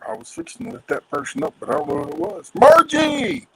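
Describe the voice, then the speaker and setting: A man's voice: rapid-fire, gravelly, slight background noise. A man hosting a casual live-stream chat. He jokes around and swings his voice up and down, and it comes through distorted and robotic-sounding. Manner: animated, joking, swings his pitch widely. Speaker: host.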